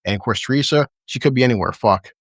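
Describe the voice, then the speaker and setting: A man's voice: medium pitch, fast, dry recording. Male streamer, loose profane recap talk, frequent laughter, dry mic. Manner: rambling, profane, laughing often. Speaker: show recap host. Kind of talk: casual livestream episode recap.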